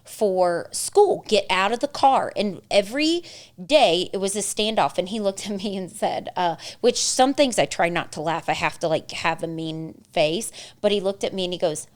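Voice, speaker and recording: A young adult woman co-hosting a casual chat, telling animated stories with quoted dialogue and laughter. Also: mid-range voice, moderate pace. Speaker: co-host.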